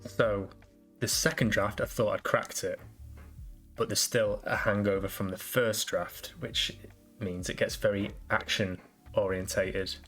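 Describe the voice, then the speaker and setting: Man, low voice, chatty podcast host, rambling, faint background music. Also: fairly even intonation, a little slow, a bit bright. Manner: rambling, self-deprecating, restarts often. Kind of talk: casual solo podcast chat.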